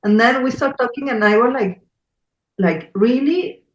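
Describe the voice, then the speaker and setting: A woman's voice: fairly high pitch, moderate pace, reverberant, low-quality recording. A woman with a Mexico City Spanish accent hosting a podcast interview, talking in English in an earnest, effusive way with many fillers. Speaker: podcast host. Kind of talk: conversational interview.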